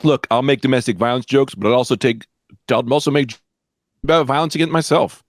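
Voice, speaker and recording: A man's voice: fast, slight background noise. A man co-hosting a comedy podcast, joking in casual banter and jumping into mock voices. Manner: jokey, lively, bursts into high mock voices.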